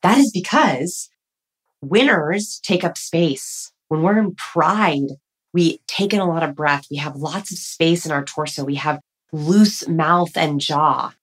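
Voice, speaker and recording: A woman's voice: low-pitched, slow, breathy edge. A woman author, a podcast guest, talking casually and energetically, explaining her ideas in a playful way. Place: standing while recording.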